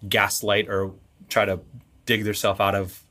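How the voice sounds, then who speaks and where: A man co-hosting a podcast in casual chat, earnest and quick to affirm his partner. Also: lowish voice, flat delivery, bright, forceful tone. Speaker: podcast co-host.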